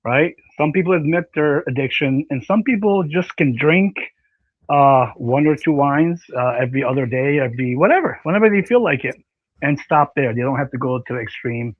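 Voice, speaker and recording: A man's voice: on the high side, normal speed, dry recording. Rambling man on a dull dry stream mic. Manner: rambling, animated, many fillers. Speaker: panel stream host. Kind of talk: casual online panel chat. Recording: slightly dull dry audio.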